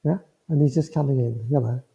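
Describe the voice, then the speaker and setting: A man giving a mediumship demonstration to a congregation, speaking in a gentle, reassuring way and checking in often with the listener. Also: mid-range voice, brisk, gravelly. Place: village hall. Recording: muffled hall sound with long reverb.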